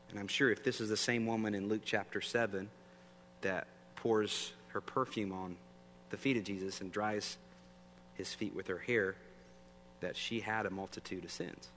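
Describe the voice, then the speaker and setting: A man's voice: fairly low pitch, fairly even intonation, moderate pace, fairly bright tone. A man preaching a sermon in a conversational way, often asking the audience questions. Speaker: pastor. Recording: long reverb, faint hum.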